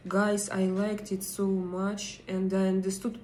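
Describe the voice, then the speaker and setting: A woman's voice: medium pitch, completely flat delivery, measured pace, darkish tone, echoey room. A woman with a Russian accent, hosting a casual live stream, chatting with her viewers and reading their comments, with many fillers and hesitations. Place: home in Denmark.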